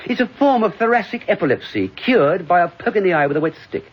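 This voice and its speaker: A man's voice: high-pitched, animated, quick pace, husky. A man playing a drunk, bitter has-been comedian. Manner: rambling, sardonic, swinging from mutters to outbursts. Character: drunk washed-up middle-aged comedian, bitter and self-mocking. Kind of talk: stage monologue. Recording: dull lo-fi recording.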